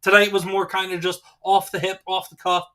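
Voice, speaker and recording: A man's voice: high-pitched, monotone, fairly quick, pushed and bright. A man hosting a casual livestream, reading chat messages aloud and teasing with frequent laughter. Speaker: host.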